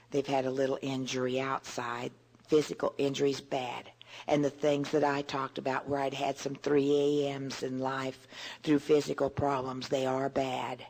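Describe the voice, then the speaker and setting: An older woman giving an earnest, gentle devotional talk to women, often repeating words as she searches for the next one. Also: rumbling low, creaky. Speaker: women's Bible teacher.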